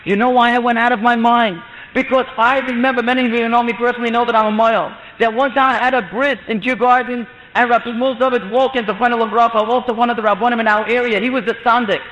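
A man who works as a mohel, telling an inspirational religious story with animated delivery and acted-out quoted voices. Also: fast talker, hardly any pauses. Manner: animated, acts out quoted voices with rising pitch. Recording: muffled lecture in a reverberant hall.

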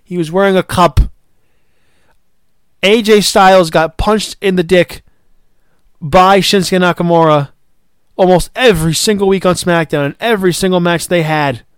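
A man's voice: sits high, normal speed, clean tone, no echo, studio quality. A man co-hosting a casual wrestling review podcast who gets worked up, swears, and acts out what the wrestlers said. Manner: excitable, swears, acts out quotes. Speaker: podcast co-host.

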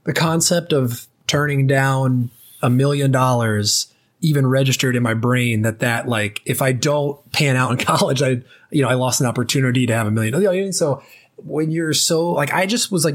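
A man's voice: medium pitch, normal speed. Late-20s male guest, casual storyteller, full of fillers and restarts. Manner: loose, chatty, many fillers and restarts. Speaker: former ballplayer guest.

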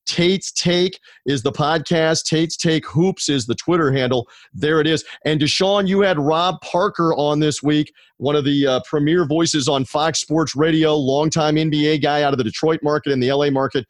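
A man's voice: a little high, steady tone, normal speed, few pauses, dry recording, clean studio sound. A man hosting a sports betting podcast over a video call, plugging shows and guests in an upbeat, promo-heavy way. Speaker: podcast host.

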